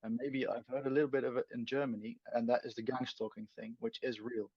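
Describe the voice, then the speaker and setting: A man's voice: mid-range voice, little pitch movement, quick pace, a little mellow, breathy edge, no room sound. A man with a Dutch accent, a native Dutch speaker, answering interview questions thoughtfully and searching for his words. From Netherlands. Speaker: guest. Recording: dull lo-fi dry sound.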